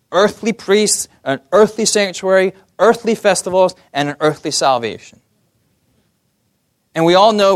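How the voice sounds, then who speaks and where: A young man preaching a sermon, often putting questions to the audience and asking for amens. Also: sits high.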